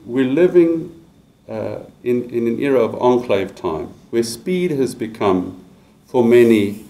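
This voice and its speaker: A man giving an academic lecture, measured, with frequent fillers and repeated restarts. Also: fairly low pitch, warm tone, rough recording. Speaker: university lecturer.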